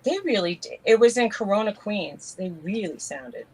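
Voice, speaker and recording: A woman's voice: mid-range voice, animated, moderate pace, husky, low-quality recording. A woman from New York with a New York accent, co-hosting a casual live-stream chat and telling stories between laughs. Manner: chatty, laughs often, tells stories. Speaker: co-host.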